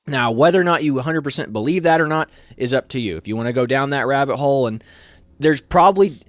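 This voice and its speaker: A man's voice: mid-range voice, quick pace, no room sound, studio quality. A man co-hosting a local morning show, talking through national news in a rambling, conversational way with many restarts. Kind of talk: casual news chat.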